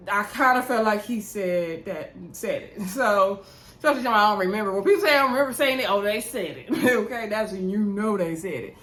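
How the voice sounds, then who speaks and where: A woman's voice: mid-range voice, fairly bright tone. A woman hosting a casual reality show recap, chatting directly to her viewers. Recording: roomy echo.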